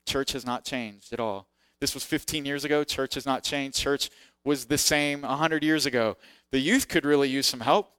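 A man's voice: mid-range voice, moderate pace, clear, resonant tone, no echo, studio quality. A man preaching in a self-deprecating storytelling way, acting out the voices in his story. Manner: animated, acts out quoted voices. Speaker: preacher sharing testimony. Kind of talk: sermon storytelling.

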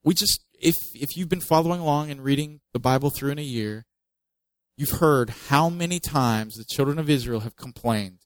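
A male pastor delivers a sermon in a relaxed, conversational manner, slipping in light jokes between scripture readings. His voice sits at a middle pitch and is recorded close and dry, with no room echo. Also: normal speed. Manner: conversational, joking asides, reads scripture with emphasis.

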